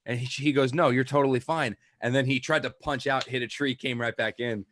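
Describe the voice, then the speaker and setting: A man's voice: medium pitch, steady tone, fairly quick, a bit bright, slight background noise. A young man, a podcast co-host, telling a rambling casual anecdote full of "like" and quoted lines. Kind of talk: casual chat, storytelling.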